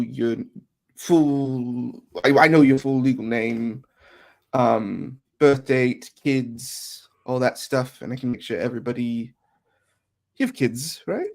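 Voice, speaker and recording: A player voicing a well-off mother phoning her adult daughter during a tabletop role-play, halting and full of restarts. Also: mid-range voice, a little mellow, lightly acted.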